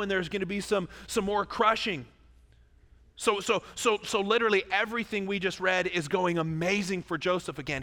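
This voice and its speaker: Bright-voiced preaching man. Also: sits high, big-room sound. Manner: lively and joking, with asides to the congregation. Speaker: pastor. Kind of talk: sermon. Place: church.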